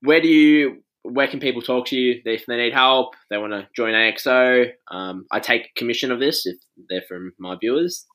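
A man's voice: mid-range voice, normal speed, few pauses, a bit bright. A young Australian man in his twenties hosting a podcast in casual chat, loose, laughing and swearing often. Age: 20s. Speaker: podcast host.

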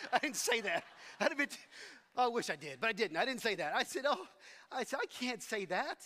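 A man's voice: very high voice, very animated, brisk, bright, forceful tone, big-room sound. A middle-aged man preaching a sermon, telling a personal story in a conversational, self-deprecating way with frequent restarts. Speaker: pastor.

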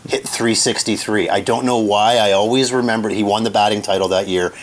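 A man with a low voice chats casually about sports. He agrees readily and laughs often, dropping a curse here and there. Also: steady tone, a little fast, slight background noise, low-quality recording. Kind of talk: casual chat.

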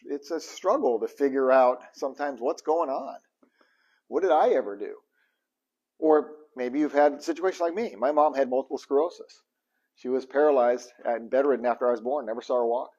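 Husky man, slightly high voice, preaching casually to a congregation, dull lo-fi sound. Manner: animated, asks the audience questions. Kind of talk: conversational sermon.

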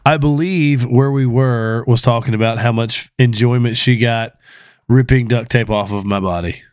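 A man in casual podcast talk, rambling on and making fun of himself. His pitch is middling and the sound is dry and close to the mic. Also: fairly even intonation, normal speed, darkish tone, smooth, no room sound. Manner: rambling, self-mocking. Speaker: podcast co-host. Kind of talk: casual chat.

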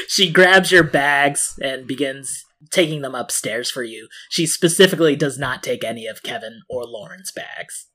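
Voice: mid-range voice, moderate pace, a bit bright. A game master narrating a tabletop game, playful and often laughing.

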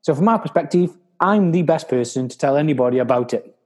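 A man's voice: on the high side, lively intonation, fast talker, darkish tone. A man hosting a podcast, talking bluntly with some swearing and acting out what other people say. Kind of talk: casual chat.

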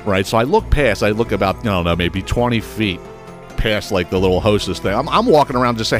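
Profane, animated man telling a story. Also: lowish voice, brisk, faint music behind. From United States. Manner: profane, animated, stammering restarts. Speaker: podcast host. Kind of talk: comedic storytelling monologue.

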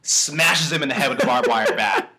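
A young podcast co-host, male, speaks at a moderate pace with a medium-pitched voice. In this casual conversation he tells stories animatedly and acts out the quotes.

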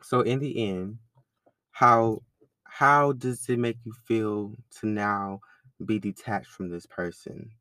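A woman interviewer asking a question slowly and gently. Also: rumbling low, no echo.

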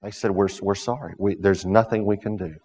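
A man with a low voice delivers a sermon, climbing to loud emphatic peaks and sinking to hushed storytelling. His voice rings with a long reverb, as if in a church sanctuary. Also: steady tone, fairly quick, husky. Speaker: preacher.

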